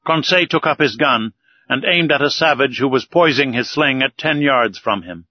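A man narrating an audiobook in a steady, measured reading. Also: mid-range voice, no echo. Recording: dull, dry recording.

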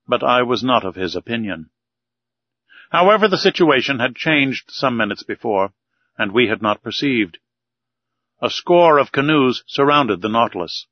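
A man narrating an audiobook in a steady, measured reading. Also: medium pitch, dry recording. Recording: dull, dry recording.

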